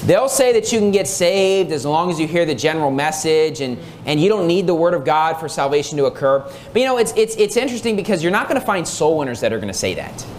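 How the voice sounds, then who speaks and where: A man's voice: fairly high pitch, animated, fast talker, few pauses, slight background noise. Emphatic male preacher reading scripture. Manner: emphatic, repeats key phrases, reads scripture aloud. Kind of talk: sermon.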